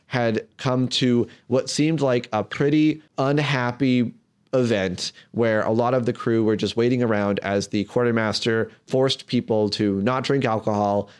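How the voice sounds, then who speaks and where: Game master, male, mid-pitched voice, narrating a tabletop game. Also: fairly even intonation, unhurried, a little mellow, smooth.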